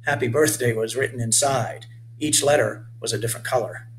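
A man reading his children's book aloud in a clear, measured storytelling manner. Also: medium pitch, slight background noise, rough recording.

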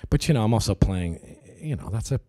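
A middle-aged actor answers interview questions casually and hesitantly, restarting often and animatedly acting out the people he quotes. His voice is fairly low and warm, and he speaks in an animated way at a fairly quick pace.

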